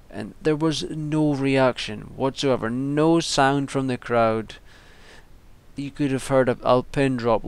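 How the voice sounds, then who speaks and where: A man's voice: medium pitch, creaky, smooth. A young man giving casual, rambling solo commentary, with frequent ums and restarts. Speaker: wrestling vlogger.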